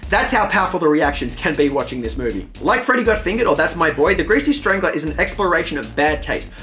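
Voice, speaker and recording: A man narrating a scripted film review with a wry, animated delivery. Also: a little high.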